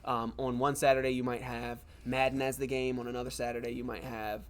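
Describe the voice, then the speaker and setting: A man who owns a gaming lounge, calmly explaining tournament details with frequent ums in a casual interview. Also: medium pitch, a little fast. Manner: explains plainly, with many ums and rights.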